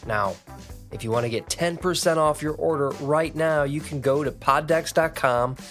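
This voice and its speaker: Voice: mid-range voice, normal speed, fairly bright tone, soft background music. A speaker reading a sponsor ad for a podcast with upbeat promotional delivery. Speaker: ad read narrator. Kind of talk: sponsor ad read.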